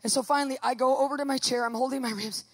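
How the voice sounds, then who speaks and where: A woman tells her personal testimony with lively energy, laughing often and acting out other people's voices. Her speaking voice sits a little high. Her storytelling is casual and expressive. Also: racing, no room sound, clean studio sound. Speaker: guest giving a testimony.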